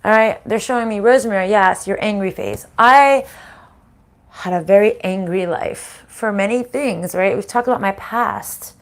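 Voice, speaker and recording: A middle-aged woman giving a casual spiritual reading, frank and animated, swearing freely and laughing often. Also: mid-range voice, normal speed. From Italian-American family. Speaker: spiritual reader and channel host.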